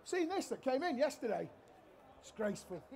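High-voiced cheeky chef. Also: male voice, sing-song, moderate pace, vocal fry. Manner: cheeky, loud-mouthed joker. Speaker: chef giving a cooking demonstration. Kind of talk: live cooking demo with banter. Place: demo stage at a trade show.

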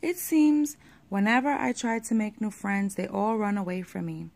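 A woman's voice: mid-range voice, moderate pace, vocal fry, darkish tone, natural voice. A woman voicing a friendly, eager male tree who walks and talks and wants to make new friends, in a storybook. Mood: earnest cheerful. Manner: cheerful, earnest, keen to make friends.

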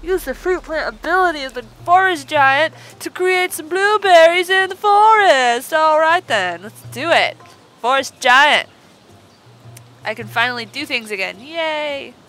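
A woman's voice: high-pitched, expressive, measured pace, a bit bright, soft background music, poor audio. A woman hosting a let's play, giving bubbly, chatty commentary and talking to the game as she plays. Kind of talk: casual gameplay commentary.

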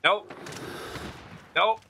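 A man playing a shooter game, groaning and yelling in frustration as he comments. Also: very slow, background noise. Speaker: gamer. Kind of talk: let's-play commentary. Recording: loud gunfire from the game behind. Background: game gunfire and explosions.

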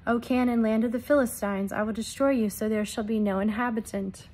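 A woman's voice: on the high side, steady tone, a little fast, darkish tone. A woman relaying prophetic messages and reading scripture verses, speaking in solemn, earnest first-person proclamations in short phrases. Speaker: self-styled prophetic messenger.

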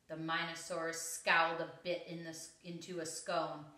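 A woman reading a rhyming picture book aloud to children in a slow, expressive, rhythmic way. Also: deep voice. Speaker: story reader. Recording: roomy echo, mic at a distance.

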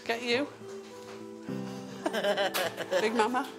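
A woman's voice: on the high side, very slow, loud music behind the voice. A woman working as a midwife, talking cheerily during a birth.

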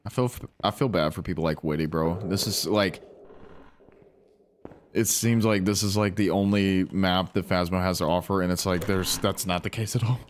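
Chatty low-voiced man gaming. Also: normal speed, a little hiss or hum. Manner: chatty, animated, talks to the ghost and teammates. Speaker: gaming streamer. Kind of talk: casual gameplay commentary.

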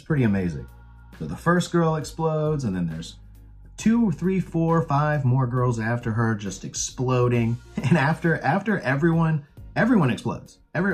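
A man's voice: medium pitch, husky. A man casually retelling a cult horror comedy plot as a movie reviewer, amused and incredulous.

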